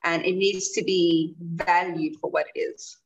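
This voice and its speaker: A woman's voice: lowish voice, fairly even intonation, a little slow, muffled recording. A woman who is a teacher, making an earnest case in a casual chat. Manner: earnest, building an argument. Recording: distant from the mic.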